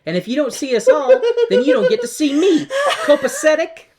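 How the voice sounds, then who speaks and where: A brash, sassy young woman talks loud and high, laughing through her demands, as a podcast host puts her on. The voice climbs well above the host's usual pitch and swings around freely. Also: wildly swooping pitch, a little fast. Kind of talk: comic retelling of a film scene.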